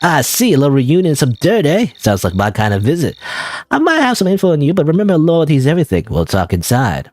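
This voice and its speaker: A man voicing a tough male mobster boss with a put-on New York accent, gruff and threatening. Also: fairly high pitch, huge pitch swings, fast talker, darkish tone, faint music behind, pitched above the performer's own voice. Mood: menacing.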